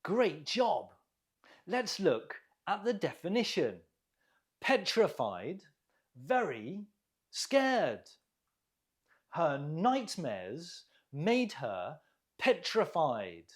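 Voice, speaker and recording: Very slow, lively-voiced English teacher. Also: medium pitch. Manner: deliberate, clearly enunciated, drills pronunciation with pauses for repeating; encouraging, gently praises learners. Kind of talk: online vocabulary lesson.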